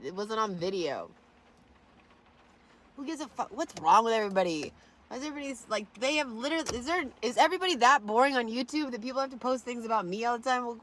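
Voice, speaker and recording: A woman's voice: mid-range voice, a bit bright, slight background noise. A woman livestreaming from her phone, rambling and swearing to her chat with frequent laughter. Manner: rambling, profane, laughs often.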